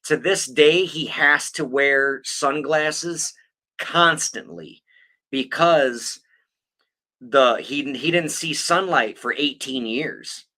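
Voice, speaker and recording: A man's voice: fairly high pitch, slow pace, sharp tone. A man on a podcast, telling a story in a rambling, swear-heavy, casual way. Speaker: podcast co-host.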